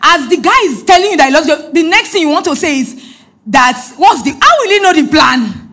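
A woman pastor preaches in a high, bright voice. Her pitch leaps and dips all through, pressing points with repeated phrases and shifting from loud declarations to quiet asides. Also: animated, a little fast. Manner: swings between loud emphatic lines and soft asides. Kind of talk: sermon.

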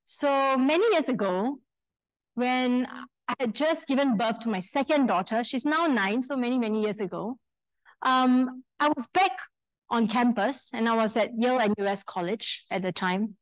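Singaporean woman, workshop speaker, fairly high voice, lively storytelling with questions to the room. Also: normal speed, rough recording. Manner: lively storyteller, acts out quoted speech; engages audience with questions and polls. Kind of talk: live workshop talk to an audience.

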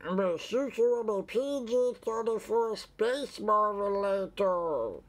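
A man's voice: sits high, animated, takes it slowly, voice pushed up. A man doing an impression of a small cartoon alien, playful and boastful.

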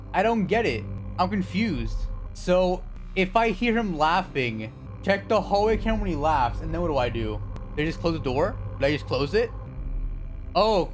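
A young man streaming live gameplay, talking fast and excitably, yelping and swearing at scares and cheering at wins. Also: fairly high pitch. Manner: excitable, jumpy, swears, yelps when scared.

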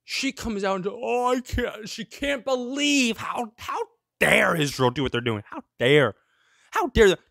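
Male host, solo rant, sarcastic, fairly high voice, dry close sound. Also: fairly bright tone, dry recording. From of Greek heritage. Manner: sarcastic, full of rhetorical questions. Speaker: show host. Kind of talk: ranting solo commentary.

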